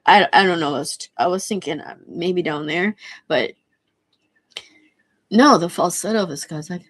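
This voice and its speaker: A hoarse woman who is losing her voice chats on a live stream in a scattered, rambling way, swearing freely. Her voice is lowish and her pace moderate.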